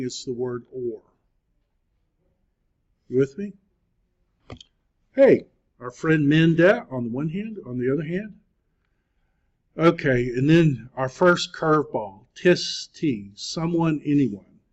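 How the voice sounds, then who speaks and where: A man teaching a Greek class, speaking patiently and encouragingly, with frequent pauses. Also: on the high side. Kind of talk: classroom lecture. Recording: dull lo-fi classroom recording.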